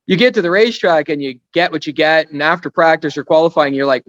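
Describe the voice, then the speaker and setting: A man's voice: on the high side, quick pace, few pauses, fairly bright tone, no room sound, highs cut off. A man in his fifties, a guest racing driver on a casual podcast, telling stories in a rambling, self-deprecating way. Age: 50s.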